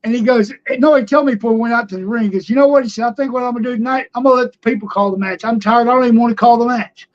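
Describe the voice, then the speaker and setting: A man's voice: very high voice, racing, few pauses, muffled recording. An older man, a former wrestler telling road stories on a podcast, laughing often and acting out the people he quotes. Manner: laughing raconteur, acts out quotes. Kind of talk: casual storytelling.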